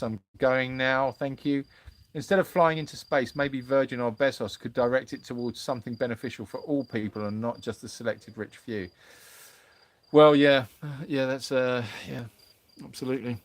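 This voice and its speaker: A man's voice: medium pitch, fairly even intonation, brisk. A man hosting a live Q&A stream, worn out, reading viewers' comments aloud and bantering playfully with them in casual chat.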